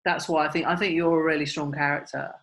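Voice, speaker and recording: A woman's voice: low-pitched, flat delivery, fast, fairly bright tone, slight background noise. A woman hosting a podcast over a video call, talking in an encouraging, chatty and rambling way. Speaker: podcast host. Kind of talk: casual video-call chat.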